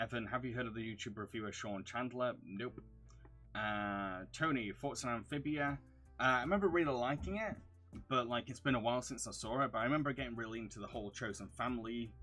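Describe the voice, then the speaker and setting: A man with a mixed London and Yorkshire accent, casually answering viewer questions on a livestream. He talks in a crisp, over-enunciated way, reads questions aloud and hums to himself between them. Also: medium pitch, a bit bright. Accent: mixed London and Yorkshire English. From England. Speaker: streamer answering chat.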